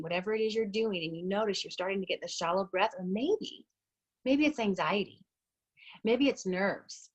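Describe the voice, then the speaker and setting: Coaching a group through deep breathing, this woman in her thirties is a fitness instructor with a husky voice. Her talk is chatty and encouraging.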